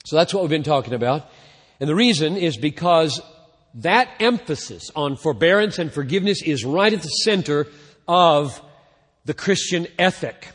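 A man preaching a sermon in a slow, deliberate way, swelling loud on key words and then falling almost to a hush at the ends of phrases. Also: a little high, animated, big-room sound. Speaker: pastor.

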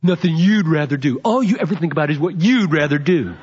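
Gushing wife, a preacher doing her voice up high, dull muffled recording. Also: animated, moderate pace, husky, heavily acted. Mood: indignant. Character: delighted wife, adult woman.

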